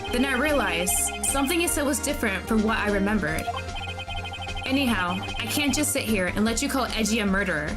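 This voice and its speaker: A woman voicing an excitable, loyal young male friend who blurts out his words urgently. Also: high voice, fairly quick. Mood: earnest. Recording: clear background music.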